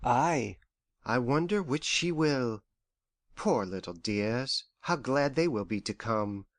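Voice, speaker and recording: An actor playing a gentle, anxious elderly father who frets and complains softly in an audiobook. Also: medium pitch, animated, slow, no echo. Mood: fretful. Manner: worried, lingering, softly complaining. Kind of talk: audiobook character voice.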